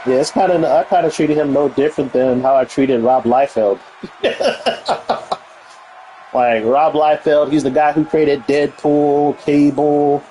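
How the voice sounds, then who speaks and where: A man's voice: on the high side, a little slow, warm tone, slight background noise, poor audio. A man streaming and chatting casually, blunt and profane, who laughs often and reads and answers his live chat.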